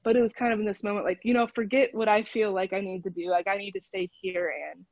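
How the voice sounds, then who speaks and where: A woman's voice: medium pitch, level tone, fast, darkish tone, no room sound, dull audio. A woman guest on a podcast, chatting casually and laughing often as she tells a story over a call. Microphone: phone call.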